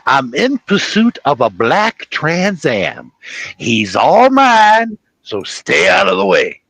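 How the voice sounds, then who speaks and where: A pompous older sheriff with a thick Southern drawl, barking orders in a gruff voice pushed far above his own register. He shouts, bullies and blusters. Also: a little high, huge pitch swings, slow pace, dry recording, voice pushed up, full character voice. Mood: blustering. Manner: pompous, bullying.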